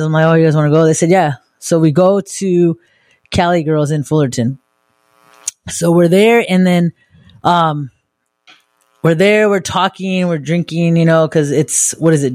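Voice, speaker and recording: A man's voice: a little high, darkish tone, dry recording. A young adult man co-hosting a podcast, telling a story in blunt, casual chat, swearing and mocking himself. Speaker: podcast co-host.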